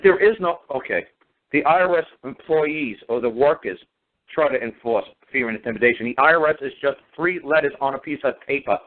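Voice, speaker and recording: An emphatic man rails on with sarcastic repetition, hammering each point again and again. His voice sits at a medium pitch and comes through a thin, tinny phone line. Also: a little fast. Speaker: guest speaker on law. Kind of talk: casual talk-radio conversation.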